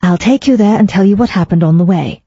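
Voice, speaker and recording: A narrator voicing a spirited young aristocratic woman writer who speaks briskly and a little tartly. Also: medium pitch, warm tone, no room sound, lo-fi sound, voice pushed up. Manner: brisk, crisp, a little tart.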